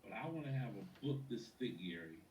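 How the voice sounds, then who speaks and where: A man who is a sales coach gives a lively motivational training talk, telling stories about clients and acting out their words. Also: fairly low pitch, brisk, a little hiss or hum. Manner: animated storyteller, acts out quotes, addresses a listener by name. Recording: roomy echo from a distant mic.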